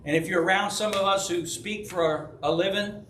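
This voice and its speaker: Man, pastor, Bible study, storytelling, keeps asking "right?", high bright voice, echoey church room. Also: normal speed, a little hiss or hum. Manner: animated storyteller who acts out quoted voices; frequent checking with "right?". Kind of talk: conversational Bible teaching with personal stories. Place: church hall.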